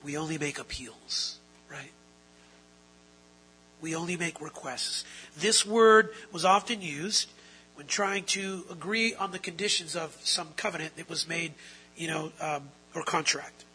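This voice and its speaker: Guy preaching a sermon, pretty high voice, really sharp and bright, gets loud and emphatic. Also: a little slow, a little hiss or hum, low-quality recording. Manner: earnest preaching, rising to loud emphatic stretches; asks the audience rhetorical questions. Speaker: pastor. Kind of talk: expository sermon.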